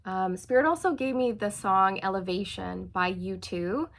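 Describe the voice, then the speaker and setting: A woman's voice: mid-range voice, moderate pace, vocal fry. A woman giving a channeled tarot reading to her viewers, earnest and reassuring, often checking in with "okay" and "you guys". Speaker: tarot reader.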